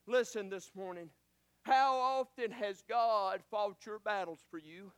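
Pastor, man, high bright voice, sermon that surges and drops back, close dry sound. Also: a little slow, smooth, dry recording. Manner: preaching with rises and drops, repeating phrases.

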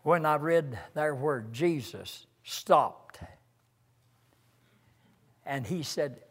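Older man, preacher, slow earnest sermon, slightly high voice, leisurely delivery. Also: animated, husky. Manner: slow, earnest preaching, reciting hymn lines with rising emphasis.

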